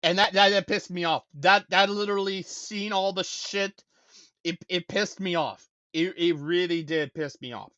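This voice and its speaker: A high-pitched man hosts a casual live stream, talking in a ranting, stammering way that circles back on the same words again and again. His voice is dry and close, with no room sound, and the audio is dull and lo-fi. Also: normal speed, sharp tone, no room sound. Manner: ranting, stammering, repeats himself. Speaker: show host.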